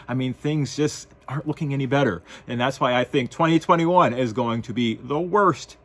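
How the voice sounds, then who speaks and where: A man from the United States, giving wry, sarcastic opinion commentary in a casual vlog. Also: mid-range voice. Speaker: vlogger.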